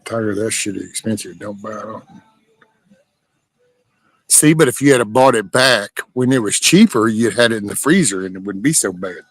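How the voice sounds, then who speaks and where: Chatting casually with his livestream audience, this Southeast Texas man reads their comments and cracks jokes, folksy, relaxed, and profane. He speaks at normal speed in an expressive, low-leaning voice, with no room sound.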